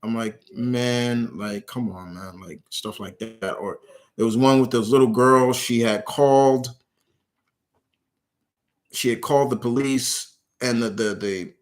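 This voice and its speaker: A man's voice: medium pitch, a little slow, pauses often. A man hosting a casual live question-and-answer stream, reading viewers' questions aloud and answering them in a rambling, candid, emotional way with lots of fillers. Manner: emotional, earnest.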